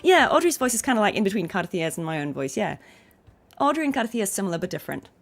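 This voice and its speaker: A woman's voice: medium pitch, sing-song, very fast, soft background music. A woman with a neutral RP English accent chatting as a voice actor while streaming a game, laughing often. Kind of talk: casual stream commentary.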